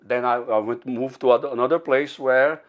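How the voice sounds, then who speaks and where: An older man from Brazil telling a personal story in English, animated and rambling, with frequent laughs and many restarts. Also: medium pitch, normal speed, muffled recording. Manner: animated, acts out quoted voices, laughs often.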